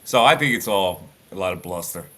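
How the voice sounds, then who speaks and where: A man's voice: low-pitched, a little fast. A middle-aged man, a former sports radio host telling stories bluntly in a casual podcast chat. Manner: animated storyteller, blunt, lots of restarts.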